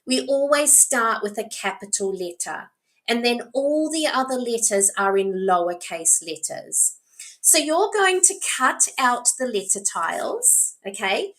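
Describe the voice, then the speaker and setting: A reading specialist with a New Zealand accent talks parents through a lesson at an unhurried pace. Her pitch rises and falls freely as she demonstrates each step. She stays patient and encouraging throughout. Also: a bit bright. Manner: encouraging, slow and patient, demonstrating with letter tiles. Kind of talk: instructional talk to parents.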